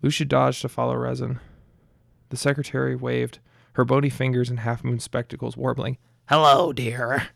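Gravelly man narrating a story. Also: medium pitch, completely flat delivery, fairly quick, no echo, studio quality. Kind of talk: audiobook narration.

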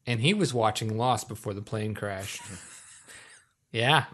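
A man's voice: lowish voice, measured pace, a bit bright. A man in casual chat, laying out a theory in a chatty, easygoing way. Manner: chatty, laughing, explains a fan theory.

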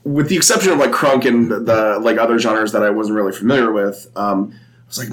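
A man's voice: lowish voice, a little fast. A man co-hosting a podcast, rambling and joking in casual chat with plenty of "like" and "uh". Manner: rambling, filler-heavy, joking. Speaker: podcast co-host.

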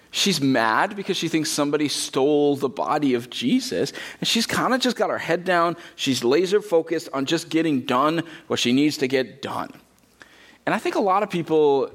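Animated conversational man preaching a sermon. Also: on the high side. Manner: conversational, animated, acts out quotes in character. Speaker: pastor. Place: church.

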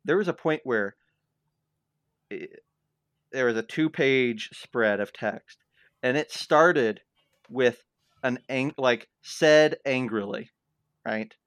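Wry, animated man on a dry mic. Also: mid-range voice, slow pace, pauses often, dry recording. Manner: wry, animated, piles up asides. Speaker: podcast co-host. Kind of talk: casual book discussion.

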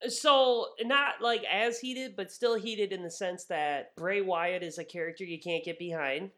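A man co-hosting a wrestling review podcast in casual, opinionated chat, ranting with animated energy. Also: sits high, unhurried. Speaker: podcast co-host.

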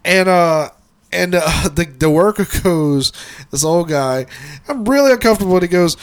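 A man with a fairly high voice co-hosts a podcast and spins a long, rambling story in casual chat. He swears freely and chuckles through his telling, and his allergies are acting up. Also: expressive, normal speed, smooth. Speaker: podcast co-host.

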